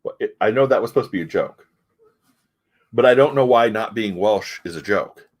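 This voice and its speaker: Rambling low-voiced man reviewing comics. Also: normal speed. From United States. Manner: rambling, hesitant, frank. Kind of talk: casual chat.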